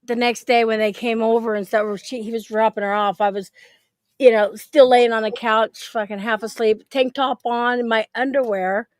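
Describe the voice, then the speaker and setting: A woman's voice: fairly high pitch, fairly even intonation, normal speed, no room sound. A middle-aged woman telling stories in casual chat, laughing often and swearing freely.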